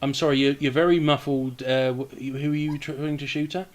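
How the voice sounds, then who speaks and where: A man narrating as game master of a tabletop game over a voice call, with vivid, gory descriptions and quick rules asides. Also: medium pitch, level tone. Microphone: headset or desk mic on a voice call.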